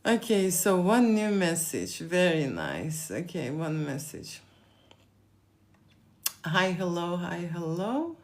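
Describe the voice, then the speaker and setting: Lithuanian-accented woman, lowish voice. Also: sing-song, takes it slowly, darkish tone. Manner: rambling, repeats words, frequent fillers. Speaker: photographer answering live questions. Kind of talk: live-stream Q&A.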